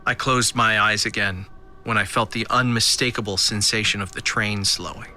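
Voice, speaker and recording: A man's voice: lowish voice, steady tone, moderate pace, bright, forceful tone. A man narrating a scripted audio drama in a dry, first-person storytelling manner.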